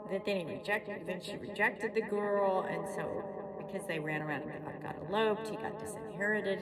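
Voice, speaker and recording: A woman chatting in a rambling, soft-spoken way, singing carols between stories. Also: mid-range voice, distant mic. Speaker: vlogger singing along to music. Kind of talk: casual chat and singing carols. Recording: echoey room with loud backing music. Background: loud backing track.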